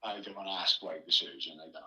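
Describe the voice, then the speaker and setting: Talking fast in a deep, husky voice that's pushed and bright, a Welsh former boxer guests on a podcast with a casual, rambling anecdote. He laughs often and restarts his sentences, and the audio is poor.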